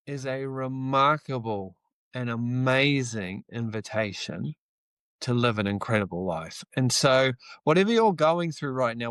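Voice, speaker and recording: A man's voice: medium pitch, fairly bright tone, smooth, dry recording. A middle-aged man from New Zealand with a New Zealand accent, giving an earnest, reflective motivational talk on a live stream, with the odd casual swear. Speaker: livestream host.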